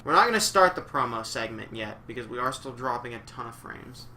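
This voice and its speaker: Over faint background music, a young streamer commentates on a wrestling game in a sharp, expressive, medium-pitched voice, talking fairly quickly. His banter is jokey, profane and rambling.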